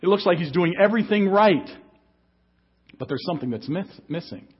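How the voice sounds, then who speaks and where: Pastor guy preaching, kinda husky and higher pitched, dull lo-fi recording. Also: expressive, moderate pace. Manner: emphatic preaching, reads scripture aloud. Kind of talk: sermon. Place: church service.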